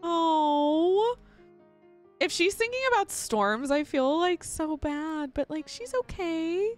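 Giggly woman with a lively high voice. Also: a little slow, faint music behind. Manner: gushing, giggly, exclaims often. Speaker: gaming channel host. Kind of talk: casual let's play commentary.

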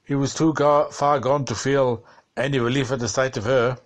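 A man reading a short story aloud in a measured, dramatic audiobook style. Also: medium pitch, steady tone. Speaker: narrator. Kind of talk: audiobook narration.

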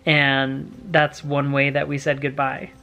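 A man's voice: medium pitch, monotone, takes it slowly, gravelly, faint music behind. A young man vlogging with his wife, telling a heartfelt family story in casual chat. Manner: warm, emotional storytelling with laughs.

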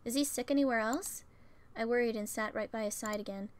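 A woman's voice: fairly high pitch, fairly quick. A woman reading a visual novel game aloud, narrating plainly and breaking in with swearing and joking reactions. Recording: faint music behind.

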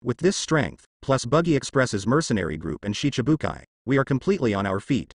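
A man voicing a boastful, cowardly clown pirate captain in a storybook reading, loud and brash. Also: medium pitch, big pitch swings, fairly quick, dry recording, clean studio sound.

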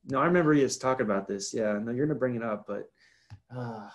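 A man's voice: medium pitch, fast. A young man in casual chat, rambling with fillers as a podcast co-host.

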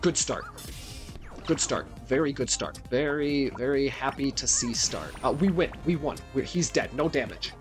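A man's voice: medium pitch, normal speed, hardly any pauses, soft background music. A man giving playful gameplay commentary, talking directly to his viewers. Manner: playful, talks to viewers, animated. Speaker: let's play host.

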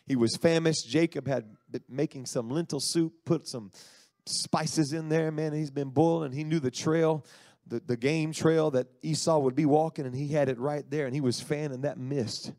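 A man preaching a sermon, retelling a story in an animated, folksy way and acting out the voices. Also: fairly high pitch, moderate pace, no room sound, clean studio sound.

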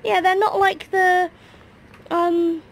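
A woman's voice: very high-pitched, flat delivery, slow, vocal fry. A woman chatting casually at home in a pet vlog, musing aloud. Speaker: pet owner vlogger.

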